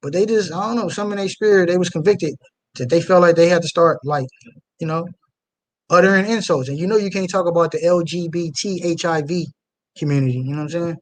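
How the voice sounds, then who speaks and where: A young man with a notably high-pitched voice preaches and reacts live to a clip. He swings between low, muttered asides and heated, loud outbursts, full of fiery conviction. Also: fast talker. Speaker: street preacher reacting to a video.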